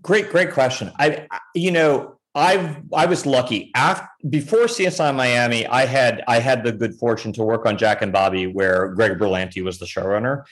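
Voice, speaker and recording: A man's voice: normal speed, few pauses, a bit bright. A man who is a TV showrunner, answering interview questions candidly, rambling with many restarts and self-deprecating asides. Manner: self-deprecating, pitch jumps up on emphatic points. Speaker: TV showrunner, podcast guest.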